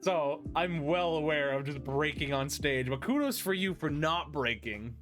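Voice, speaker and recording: With music playing underneath, a male podcast host speaks unhurriedly in an expressive, higher-pitched voice. He's a rambling storyteller in casual conversation, constantly restarting and padding with fillers.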